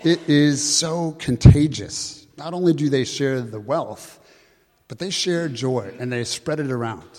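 A man preaching a sermon in an earnest, conversational way, slowing down to read scripture aloud. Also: mid-range voice, darkish tone. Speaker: pastor. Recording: long hall reverb.

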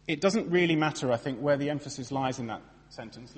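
A man giving a sermon in a church, lively, conversational and self-deprecating as he tells stories. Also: medium pitch, brisk, hardly any pauses, husky. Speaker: preacher. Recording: long reverb of a large hall.

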